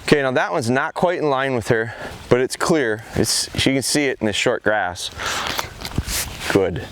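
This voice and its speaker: A man at an ordinary pitch talks through a gundog drill in a calm, explanatory way, breaking off for short commands to his dog. He is out in an open grassy field, and plenty of outdoor noise runs under his voice. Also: measured pace. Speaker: professional gundog trainer. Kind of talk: instructional commentary while training a dog.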